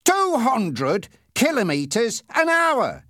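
A heavy, red-faced motorcycle policeman, as a male narrator puts him on, with a slow, soft, sarcastic drawl that can snap into loud, high barking. The pitch swings widely through his lines, and the read is dry and close. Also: huge pitch swings, no echo. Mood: shouting. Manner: soft sarcastic taunting that bursts into loud shouting. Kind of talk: audiobook character reading.

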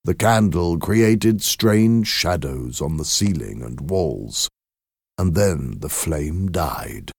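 A man with a very low voice reads a story slowly and expressively, his pitch rising and falling widely. The recording is dry and close, with no room echo. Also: breathy edge. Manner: slow, measured, expressive storytelling. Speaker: narrator. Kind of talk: scripted story narration.

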